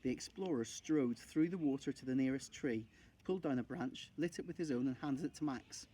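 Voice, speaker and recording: A man's voice: medium pitch, brisk, husky. Man teacher reading a story aloud. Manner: steady, expressive storytelling. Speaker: primary school teacher. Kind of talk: reading a children's novel aloud.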